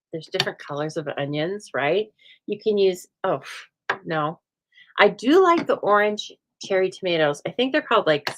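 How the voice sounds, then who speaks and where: A woman hosting a live stamping demonstration, chatting playfully and answering viewer comments as she works. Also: lowish voice. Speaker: craft show host. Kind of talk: live stamping demo chat.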